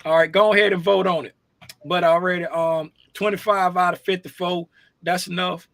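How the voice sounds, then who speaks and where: A man hosts a casual livestream, chatty and repetitive, drawling along. His voice sits high and bright. The sound is close and dry. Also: fairly even intonation, normal speed, no room sound. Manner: chatty, repetitive, drawling, sing-song asides. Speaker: livestream host.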